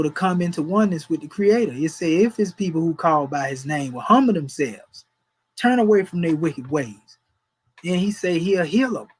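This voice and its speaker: A man's voice: fairly high pitch, poor audio. A man, preaching in a folksy, emphatic way and chuckling between points. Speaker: religious teacher. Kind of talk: informal preaching.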